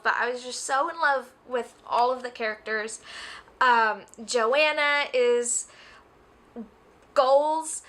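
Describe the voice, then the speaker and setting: High bright-voiced young woman gushing about a book. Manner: gushing, rambling, emotional. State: tearful. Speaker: book reviewer. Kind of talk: casual book review vlog.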